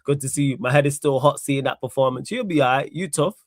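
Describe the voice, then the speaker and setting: A man hosting a live football talk stream, energetic and full of street-slang shout-outs to his viewers. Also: mid-range voice, quick pace, dry recording, studio quality. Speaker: host.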